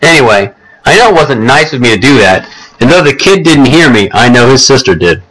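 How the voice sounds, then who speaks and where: A man's voice: mid-range voice, very animated, brisk, a bit bright, low-quality recording. A man reading a first-person audiobook story in a plain, conversational way. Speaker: audiobook narrator.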